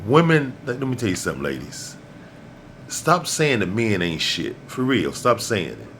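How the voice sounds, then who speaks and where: A man's voice: medium pitch, fairly bright tone, slight background noise. Blunt, profane man ranting. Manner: blunt and profane, repeats lines for emphasis, preachy. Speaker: host. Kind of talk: ranting monologue to camera.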